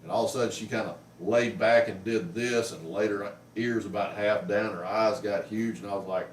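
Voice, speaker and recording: This man's lowish voice moves at a moderate pace with fairly even intonation and hardly any pauses. Filming a casual pet vlog in his living room, he tells a rambling story and coos at his cat, and the distant mic picks up a roomy sound with faint noise.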